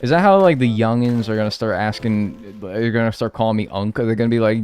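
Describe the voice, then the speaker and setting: A man from North America giving casual live commentary while playing a game, rambling and joking, with sudden loud yelps. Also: lowish voice, fast, smooth. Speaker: streamer playing a life-sim game.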